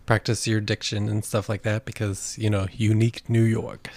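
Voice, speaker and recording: A man's voice: fairly low pitch, little pitch movement, normal speed, gravelly, darkish tone. A man from the East Coast making blunt, teasing remarks in casual podcast chat.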